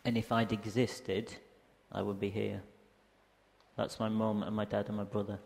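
Gravelly man giving a rambling lecture. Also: fairly low pitch, level tone, normal speed, darkish tone. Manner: rambling, hesitant, frequent ums. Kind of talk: casual lecture with slides. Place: lecture hall in a museum. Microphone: handheld or stand microphone. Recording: reverberant lecture hall.

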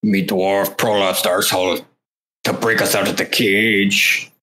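A man voicing a crude, blunt male dwarf paladin in a rough put-on accent, at a tabletop game. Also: sits low, little pitch movement, measured pace, bright, forceful tone, voice pushed down. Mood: gruff. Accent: put-on rough British-style dwarf accent.

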